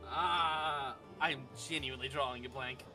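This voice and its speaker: A man's voice: mid-range voice, fairly even intonation, a little slow, bright, forceful tone, faint music behind. A man talking as a player in a tabletop game, flustered and asking questions. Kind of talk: casual tabletop game chat.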